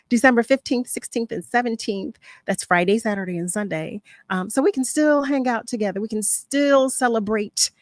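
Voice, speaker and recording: A woman's voice: mid-range voice, darkish tone, dry recording. Effusive woman radio host, dry studio sound. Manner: effusive, repeats phrases, affectionate. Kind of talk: warm radio talk show chat.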